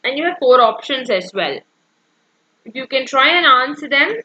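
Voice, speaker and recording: A woman's voice: sits high, very animated, normal speed, sharp tone, dull audio, slight background noise. A woman teacher explaining poetic meter in an exam-prep lecture, checking in with "yeah" and counting out the feet aloud. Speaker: English literature teacher.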